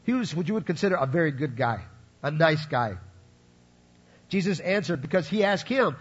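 A man preaches with a high, breathy-edged voice, tossing in quick asides to keep the congregation with him. The recording is muffled and dull, with little treble. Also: lively intonation. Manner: conversational preaching, frequent "right?" and "you follow?" asides. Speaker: pastor. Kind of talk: sermon.

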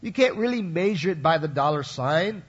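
A man's voice: on the high side, expressive, normal speed, breathy edge, muffled recording. A man preaching a sermon to his congregation in a conversational way, checking in with asides to the listeners. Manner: conversational preaching, frequent "right?" and "you follow?" asides. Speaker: pastor.

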